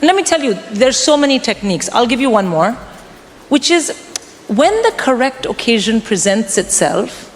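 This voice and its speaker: A woman in her forties performing a stand-up comedy set, delivering wry, deadpan punchlines to a crowd. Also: on the high side, normal speed. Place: comedy club stage. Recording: live room with long reverb and background noise.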